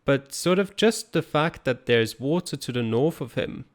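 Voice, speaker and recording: A man giving calm, explanatory color commentary on an online geography game. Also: mid-range voice, moderate pace. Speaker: esports co-commentator.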